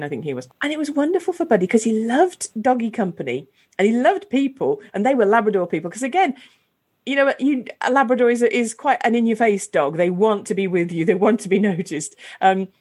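A woman's voice: on the high side, a little mellow, slightly rough. Chatty woman asking tag questions. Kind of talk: casual chat.

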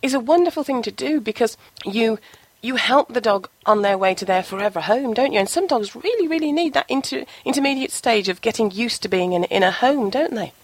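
A woman hosting an interview, warmly encouraging and asking tag questions. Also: a little high, lively intonation, brisk, hardly any pauses. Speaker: host. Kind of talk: casual interview chat.

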